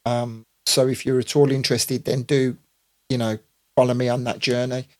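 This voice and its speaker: A man's voice: mid-range voice, little pitch movement, moderate pace, darkish tone. Chatty dj guy in his 50s doing a live stream, rambly, lots of uhs and restarts. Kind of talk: casual year-in-review live stream. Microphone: computer or phone mic on a live stream.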